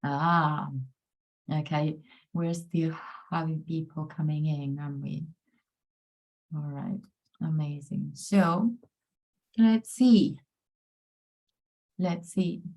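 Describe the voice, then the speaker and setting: Slow-speaking woman coach. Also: low-pitched, darkish tone. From Peru. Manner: upbeat, encouraging, often says amazing and brilliant. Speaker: pronunciation coach presenting a workshop. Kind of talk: online presentation. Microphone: video call.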